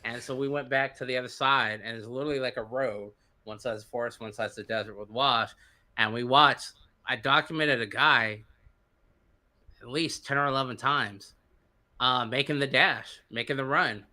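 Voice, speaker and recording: A man chats on a podcast, spinning a long anecdote. His voice is bright and forceful, and he laughs often and acts out the people in his tale. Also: mid-range voice, normal speed. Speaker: podcast guest. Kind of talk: casual storytelling.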